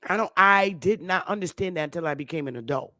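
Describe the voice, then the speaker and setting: A woman's voice: lowish voice, fast, sharp tone, no room sound, studio quality. A woman talking straight to the camera in a casual monologue, blunt, heavy on profanity and emphatic. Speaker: online commentator.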